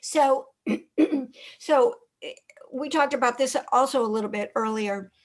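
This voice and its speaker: Brief: woman interviewer, circles around her questions, slightly high pitch. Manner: halting, circling questions with many restarts. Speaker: host, interviewer.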